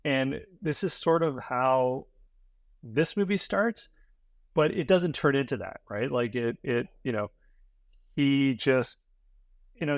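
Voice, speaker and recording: A man's voice: mid-range voice, no echo. A man co-hosting a film review podcast, talking casually with lots of fillers and restarts. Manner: rambling with many fillers. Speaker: podcast co-host.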